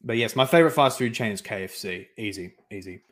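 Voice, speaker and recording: A young Australian man with an Australian accent, chatting casually and giving quick, opinionated takes. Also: fairly low pitch, expressive, a bit bright. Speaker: guest. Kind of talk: casual chat.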